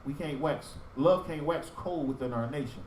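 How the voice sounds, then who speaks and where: A man teaching a religious group in sermon style, with animated storytelling that acts out street talk. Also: fairly high pitch, normal speed, reverberant, recorded from a distance, slight background noise, poor audio.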